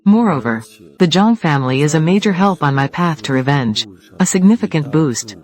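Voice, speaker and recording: With a natural, slightly mellow, medium-pitched voice, a dub performer voices several corporate rivals threatening each other over who controls a company. The dialogue comes in short, confrontational bursts, animated and at normal speed.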